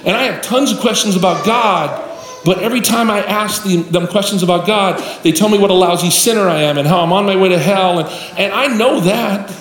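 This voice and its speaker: A man's voice: high voice, brisk, a bit bright, recorded from a distance, pitched above the performer's own voice. A man voicing a brash, blunt young male golfer who swears, recorded in an echoey hall. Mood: earnest. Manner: blunt, exasperated.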